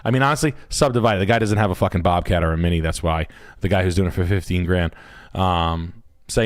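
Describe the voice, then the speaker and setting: A man hosting a live stream as a realtor, explaining practical jobs in a rapid, profane, casual way. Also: deep voice.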